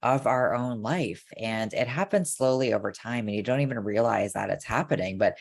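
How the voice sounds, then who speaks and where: An interview guest telling a personal story in a measured, reflective way. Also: mid-range voice, creaky, no room sound, studio quality.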